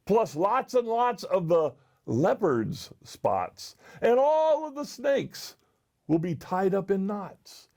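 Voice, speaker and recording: A man voicing a panicky, yelling zebra in a storybook reading. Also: big pitch swings, slow pace, creaky, full character voice. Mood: alarmed. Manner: shrill yelps.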